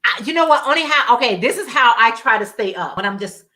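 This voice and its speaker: A woman chatting casually on her live stream with a bright, forward tone. She rambles from one thought to the next and reads viewers' comments aloud. She laughs often between her thoughts. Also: fairly high pitch, expressive, fast talker. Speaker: livestream host.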